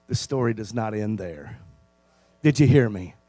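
A man preaching a sermon as pastor, calling for amens and swinging between hushed, low passages and loud, rising ones. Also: lively intonation, measured pace, soft background music.

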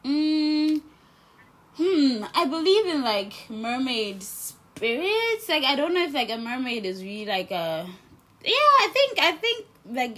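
A woman co-hosting a casual podcast, talking in a laid-back, hesitant way full of fillers. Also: on the high side. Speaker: podcast co-host. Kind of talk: casual chat.

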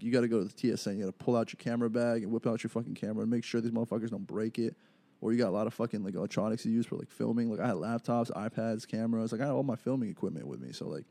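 A man's voice: medium pitch, dark tone, no room sound. A young man hosting a podcast, telling a rambling story in casual, profane speech full of fillers. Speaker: podcast host.

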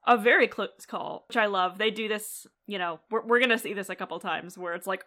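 A woman co-hosting a podcast, recapping a TV episode in casual chat with quick, animated, giggly retelling. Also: mid-range voice. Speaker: podcast co-host.

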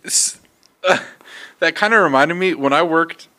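Young man, podcast co-host, bright voice, fairly high pitch, jokey, teasing. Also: unhurried. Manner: joking, teasing, animated retelling. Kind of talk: casual podcast chat, storytelling.

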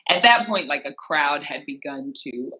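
An entertainment interviewer from rural Missouri telling a personal story in a lively way, acting out what others said with sudden jumps in pitch. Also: normal speed, rough recording. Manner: animated, acts out quotes with sharp jumps in pitch.

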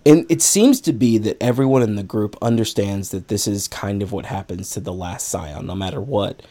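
A man's voice: lowish voice, moderate pace, mellow. A man hosting a podcast, casually recapping a film in a rambling way with lots of fillers and frequent laughs. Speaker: podcast host.

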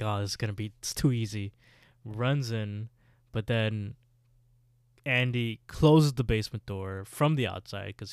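A man's voice: medium pitch, a little mellow, dry recording, clean studio sound. A man casually recapping a TV episode as a podcast co-host, telling the story in a laid-back way.

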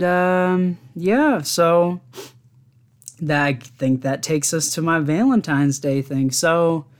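Slow, laughing, rambling podcast man. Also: fairly high pitch, smooth. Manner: rambling storyteller who laughs often at his own stories. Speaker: podcast host. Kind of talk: casual solo podcast chat.

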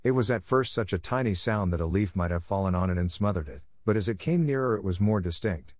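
A man narrating a storybook audiobook with a measured, expressive reading on a close mic. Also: low voice, no room sound.

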